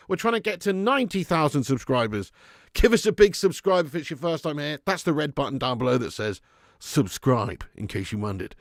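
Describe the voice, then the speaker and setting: An excitable man hosts a football watch-along, joking and bantering with his live chat. His voice sits fairly high, swoops widely when a goal goes in, and carries a gravelly edge. The sound is dry and close. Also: fairly quick, no room sound. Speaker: live stream host.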